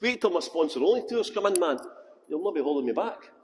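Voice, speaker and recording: Scottish man, tour guide, joking and facetious, high voice, warm, slightly husky, outdoors on a handheld phone. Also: sing-song, fast, no echo. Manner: joking, facetious banter with viewers. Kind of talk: live walking tour commentary. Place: outdoor gardens. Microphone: handheld phone while walking.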